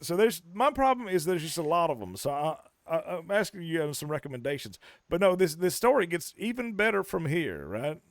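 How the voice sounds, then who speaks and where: A man's voice: on the high side, fairly quick, few pauses, no room sound, clean studio sound. A man casually telling a long story to friends on a call, swearing freely and acting out what people said. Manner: animated, profane, acts out quotes mid-story. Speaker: streamer.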